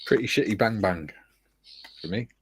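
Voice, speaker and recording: A man's voice: on the low side, normal speed, a little hiss or hum. A man co-hosting a casual livestream, bantering and teasing in a jokey way. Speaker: livestream co-host.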